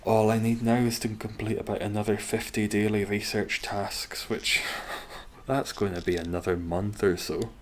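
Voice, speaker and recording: A man's voice: fairly low pitch, flat delivery, normal speed, a little hiss or hum. A young man hosting a live game stream, chatting casually, answering chat and teasing viewers with dry humor. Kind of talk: casual live-stream commentary while gaming.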